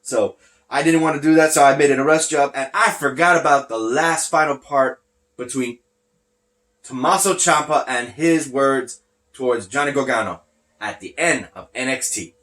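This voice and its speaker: A mid-range, fairly bright voice carries this podcast host's casual wrestling recap at a moderate pace. Behind his face mask he sounds a little breathless, drifting and losing track of what he was saying.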